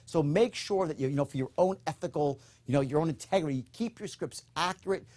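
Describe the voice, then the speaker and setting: A man's voice: fairly high pitch, a little fast, a little mellow. Emphatic man giving a sales lecture. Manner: emphatic, repeats "okay?" to check in; acts out upbeat and dull tones in demonstrations. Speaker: sales trainer. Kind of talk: recorded sales course lecture.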